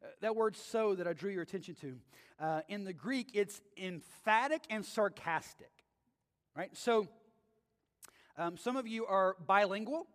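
A man's voice: high voice, unhurried. A male pastor preaching a sermon in a conversational way, often checking in with the audience with "right?", in a church sanctuary with long reverb.

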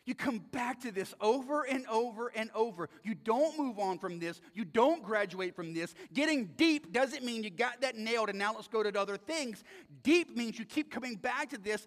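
A man's voice: very high voice, lively intonation, moderate pace. A male pastor preaching a sermon in a conversational, emphatic way, repeating points for emphasis. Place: church sanctuary. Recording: long reverb in a church hall.

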